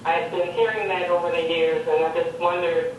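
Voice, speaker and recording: A woman appearing as a guest on a talk show, asking her question slowly and deliberately with some hesitation. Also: steady tone, highs cut off. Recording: very echoey, distant, faint rumble.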